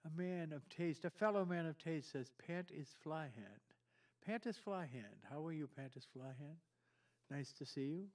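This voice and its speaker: A man's voice: a little high, moderate pace. A middle-aged man hosting a live stream from his home studio, chatting casually and rambling with self-deprecating asides as he reads viewer comments.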